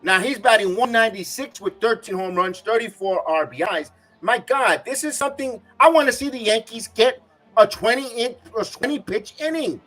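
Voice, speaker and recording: A man's voice: very high voice, animated, normal speed, pushed and bright, soft background music. A man hosting a live baseball watch-along, ranting and cursing as an irate fan giving game reaction commentary.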